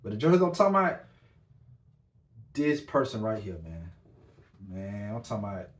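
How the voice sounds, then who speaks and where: A man's voice: lowish voice, sing-song, normal speed. A man hosting a podcast, talking in a loose, laid-back monologue and tagging nearly every line with "man". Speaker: podcast host. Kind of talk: casual monologue. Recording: echoey room.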